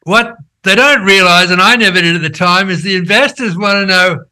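An older man and company founder, telling his story in an animated, conversational way, checking in with "right?" as he goes. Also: high voice, fairly quick. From Australia. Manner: animated storyteller who acts out quoted dialogue, frequent "right?" tags.

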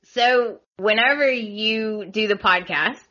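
A woman's voice: medium pitch, takes it slowly, bright, forceful tone. A woman with a Southern American accent, a podcast guest chatting casually and giggling, full of "like" and "y'all". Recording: dull lo-fi podcast audio.

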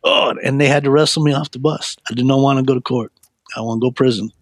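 A man giving a personal testimony in rambling, halting storytelling. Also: medium pitch, steady tone, dry recording. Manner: halting, with many fillers and restarts.

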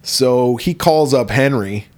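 A man's voice: medium pitch, slow pace. A man co-hosting a podcast, casually retelling a horror film's plot and swearing freely. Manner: relaxed, swears freely, retells plots with quoted voices. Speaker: podcast co-host. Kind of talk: casual film discussion.

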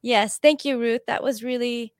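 A woman's voice: on the high side, steady tone, moderate pace, dry recording. A woman hosting a call-in show, talking in a slightly rambling, friendly way. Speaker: host.

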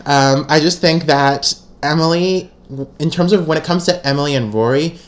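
Chatting casually on a podcast she co-hosts, a woman recaps a TV episode in a low voice at normal speed. She laughs often and uses plenty of fillers, restarting her sentences loosely.

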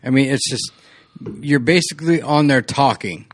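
A man's voice: medium pitch, normal speed. Laid-back rambling man on a podcast. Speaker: podcast co-host. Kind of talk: casual movie podcast chat.

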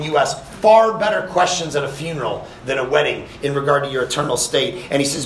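A pastor preaching at a summer camp session speaks in a mid-range voice, fairly quickly and with few pauses. He reads scripture, drives points home with rising volume, and breaks into casual asides to the young audience. The rough recording sounds roomy, with slight background noise.

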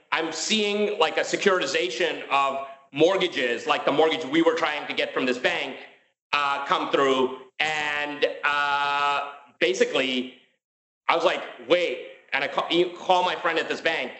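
A man telling his story as a guest in a casual interview. He talks in a rapid, filler-heavy way and acts out the dialogue he quotes. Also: fairly high pitch, bright, forceful tone, reverberant, low-quality recording.

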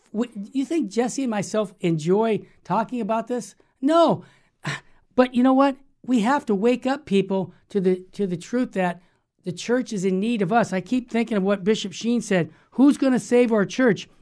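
A man's voice: very high voice, expressive, normal speed. A man hosting a Catholic radio talk show while fighting a cold, upbeat and preachy as he speaks straight to listeners. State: has a cold.

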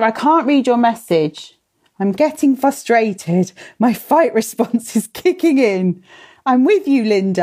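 Chatty woman hosting a parenting workshop. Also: medium pitch. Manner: chatty and warm, laughs and sighs, talks to viewers by name. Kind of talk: live-stream workshop talk, reading viewer comments.

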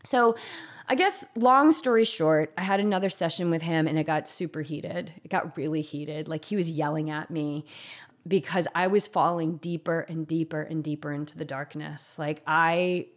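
Intense, confessional woman with a lowish voice. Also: moderate pace. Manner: intense, confessional, heavy use of "like". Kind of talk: emotional personal storytelling.

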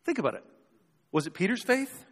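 A man with a fairly high voice preaching to a live congregation in a church. He speaks conversationally and with emphasis, and often puts rhetorical questions to the crowd. A long hall reverb rings after each phrase. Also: sing-song, brisk, vocal fry. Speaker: pastor. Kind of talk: sermon.

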